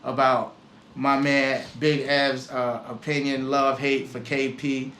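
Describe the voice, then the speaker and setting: A man's voice: mid-range voice, flat delivery, slow pace, a bit bright, echoey room. A man hosting a sports podcast, talking casually in a laid-back way with hedging fillers. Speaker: podcast host.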